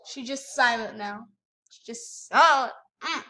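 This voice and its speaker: A woman's voice: on the high side, a little slow, bright, forceful tone. A woman ranting with sassy indignation while commentating her gameplay at home by the computer. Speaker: gaming channel host.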